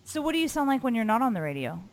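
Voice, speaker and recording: A woman's voice: a little high, very animated, rapid-fire, no room sound. A woman hosting a podcast, chatting casually with many fillers. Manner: chatty, filler-heavy, laughs easily. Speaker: podcast host. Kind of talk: casual chat.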